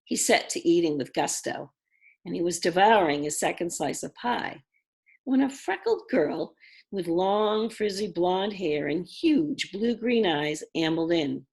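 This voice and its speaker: A woman reading a children's novel aloud, narrating expressively and doing voices for the characters. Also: on the low side. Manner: expressive, slow and husky. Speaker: audiobook narrator. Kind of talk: storybook narration.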